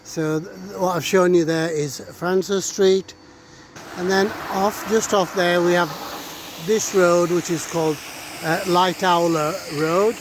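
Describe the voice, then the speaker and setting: A man's voice: high voice, steady tone, takes it slowly. A middle-aged man, out of breath, giving a hesitant, filler-heavy walking tour of local streets while talking to his viewers. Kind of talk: casual walking commentary. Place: outdoors on town streets. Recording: faint street and traffic noise.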